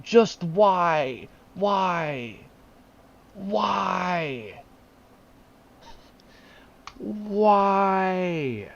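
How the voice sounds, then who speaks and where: A man's voice: high voice, animated, very slow, vocal fry, long pauses. Exasperated man ranting in disbelief. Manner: exasperated, repeats himself, laughs in disbelief. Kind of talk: casual ranting vlog. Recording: dull lo-fi recording.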